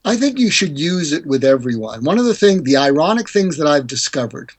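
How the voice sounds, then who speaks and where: Older male guest, husky and fairly high, animated explainer who mimics the people he quotes. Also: brisk. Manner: animated, acts out quoted dialogue with pitch jumps. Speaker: guest, hostage negotiator and author. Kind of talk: podcast interview, explaining techniques.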